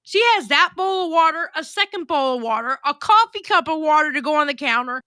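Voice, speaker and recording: A woman with a high, bright voice chats on a livestream, reading out viewer messages and gossiping bluntly. She swears freely. The sound is dry and close. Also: lively intonation, a little fast, no room sound. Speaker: livestream host reading chat. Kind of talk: casual livestream chat.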